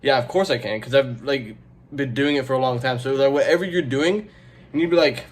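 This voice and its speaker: A man's voice: medium pitch, steady tone, quick pace. A young man talking in a casual self-help vlog, rambling with lots of filler words. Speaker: YouTuber.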